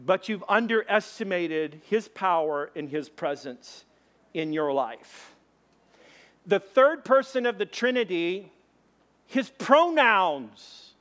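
A man preaching a sermon, telling a funny story and acting out shouted voices. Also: high-pitched. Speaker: pastor.

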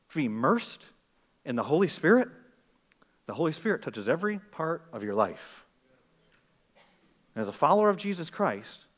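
A male pastor from the northern US preaching a sermon, moving from quiet explanation to loud, urgent exhortation. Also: a little high, long reverb tail.

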